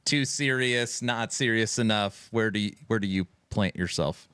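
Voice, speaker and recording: A man's voice: lowish voice, moderate pace, fairly bright tone, clear, resonant tone, no room sound. A man hosting a casual podcast who asks questions and teases his guest in a friendly way. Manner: teasing interviewer asking questions. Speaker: podcast host.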